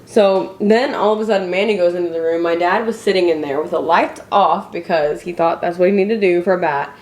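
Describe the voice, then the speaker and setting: A woman's voice: on the low side, fairly quick, darkish tone. A young woman from Indiana telling a story to the camera at home, chatty, with many fillers and restarts. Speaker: family vlogger. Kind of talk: casual chat to camera. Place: her home, indoors. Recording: echoey room, faint noise.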